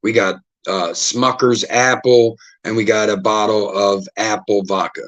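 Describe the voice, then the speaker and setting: A man hosting a podcast, telling stories in a casual, profane, animated way and acting out the voices of the people in them. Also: on the low side, measured pace. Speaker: podcast host. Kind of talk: casual storytelling chat.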